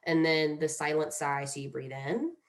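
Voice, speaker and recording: A woman's voice: sits low, normal speed. Chatty woman teaching breathing exercises. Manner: chatty, playful, demonstrates breathing exercises aloud. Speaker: mindfulness instructor. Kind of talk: casual instructional talk.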